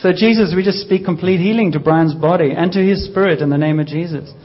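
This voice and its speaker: A man leading a casual church healing session, gently coaxing and joking with the congregation. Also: high-pitched, fast, lo-fi sound. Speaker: pastor leading healing prayer.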